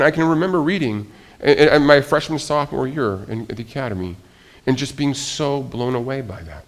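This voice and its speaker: Preaching at a normal speed, this middle-aged pastor has a mid-range voice. His sermon alternates between hushed, almost whispered asides and loud bursts of excitement, and he often starts phrases over.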